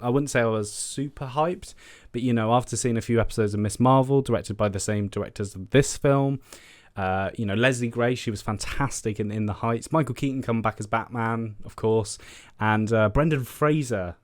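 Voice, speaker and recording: A man's voice: medium pitch, dry recording, studio quality. A man, a film news vlogger, ranting in a casual, exasperated way, swearing often and repeating himself.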